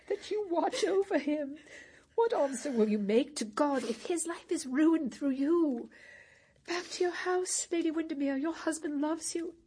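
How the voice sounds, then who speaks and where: A woman's voice: high-pitched, dark tone, breathy edge, full character voice. An actress playing a worldly woman with a shameful past, pleading urgently and with passion in a stage drama.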